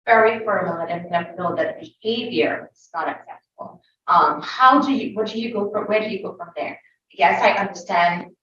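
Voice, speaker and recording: A woman's voice: medium pitch, fairly bright tone. A woman toddler teacher on a panel, giving firm, direct advice and repeating her points. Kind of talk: panel discussion answers. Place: school event room. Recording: echoey room from far off, dull lo-fi, faint hiss.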